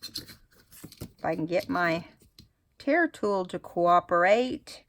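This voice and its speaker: Woman chatting thru her collage project, low voice, takes her time. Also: animated, very slow, fairly bright tone, a little hiss or hum. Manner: chatty, thinks aloud while working. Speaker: craft vlogger. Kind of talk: casual craft tutorial talk.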